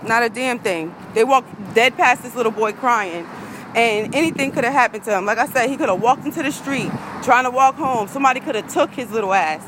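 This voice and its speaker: A woman's voice: a little high, fairly quick, noisy background. Angry woman ranting. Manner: heated, profane and repetitive. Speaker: vlogger. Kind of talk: angry rant to viewers.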